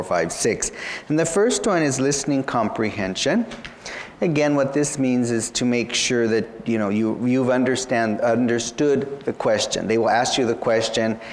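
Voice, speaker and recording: A man's voice: mid-range voice, a little hiss or hum. A man tutoring students for an interview exam, explaining each point patiently and often saying "you know". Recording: long hall reverb.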